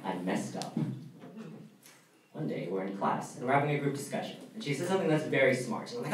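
Young man, stand-up comic, lively swooping delivery, pitched a bit high, boomy room, heard from afar. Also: a little fast. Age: young adult. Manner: animated, voice jumps high and squeaky when excited. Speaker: stand-up comedian. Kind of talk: stand-up storytelling set. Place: college comedy club stage before a live audience. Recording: echoey room, picked up from a distance, faint noise.

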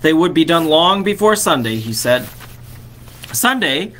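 A man, a vicar, reading a classic story aloud expressively and slowing on key phrases. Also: on the high side, lively intonation, fairly bright tone, slight background noise.

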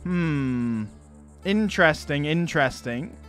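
A man hosting a gaming channel, giving chatty commentary on a strategy game, excitable and swearing freely when he rants. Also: fairly high pitch, takes it slowly, smooth, soft background music.

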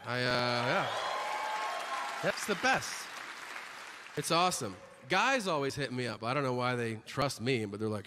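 A man's voice: medium pitch, normal speed, a bit bright, some chatter behind, slight background noise. A man who is a new dad doing a stand-up set with wry, incredulous storytelling. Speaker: stand-up comedian. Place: comedy venue stage. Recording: live stage with long reverb.

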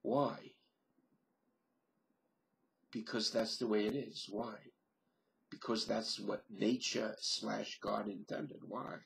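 Solo vlogger, male, unhurried musing delivery, gravelly voice, webcam sound. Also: on the low side, steady tone, a bit bright. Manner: slow, musing, thinks aloud with many pauses and fillers. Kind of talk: rambling solo webcam monologue.

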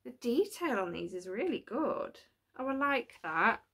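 A woman chatting to camera from her home studio as she unboxes gifts. Her voice is bright and fairly high, and she talks slowly. She gushes excitedly, and at times drops to a near whisper. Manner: gushing, excitable, breaks into squeals and whispers. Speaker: unboxing vlogger. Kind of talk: casual chat to camera.

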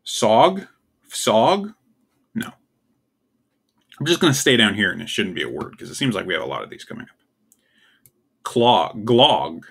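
A young man with a low, gravelly voice that still sounds bright and forward. He talks casually and offhandedly, often puzzled, and slips in wry asides as he ranks things on his own. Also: big pitch swings, moderate pace, long pauses. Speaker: tier list video host. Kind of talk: casual solo commentary.

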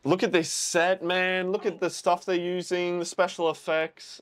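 A young man watches a war film for the first time and reacts aloud. His voice sits a little high for a man, and his talk is slow and drawn out. He swears and yells at the characters with raw emotion. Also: little pitch movement. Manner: emotional, swearing, exclaims at the screen. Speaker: reaction video host.

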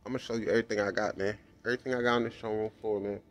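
A man with kids vlogging casually as he walks a car showroom floor, excited and slangy, tagging "man" onto nearly every line. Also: on the low side, rapid-fire. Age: adult with kids. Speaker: vlogger touring a car dealership. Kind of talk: casual walkaround vlog.

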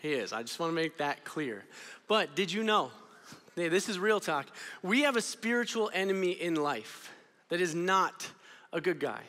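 A young man giving an energetic, storytelling youth sermon. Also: a little high, normal speed, in a large hall. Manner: energetic, storytelling, drops to quiet intensity. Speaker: student ministry speaker. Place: church auditorium.

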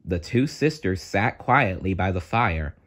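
Animated man reading a storybook. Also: low voice, unhurried.

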